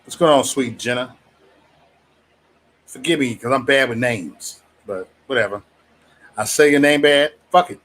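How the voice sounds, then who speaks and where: Dude running a late night stream, cussing, laughing, chill mid voice. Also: male voice, medium pitch, a little slow, pauses often, fairly bright tone, slight background noise. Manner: loose, profane, laughing often, mimics others in raised voice. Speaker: livestream host. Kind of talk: casual livestream chat.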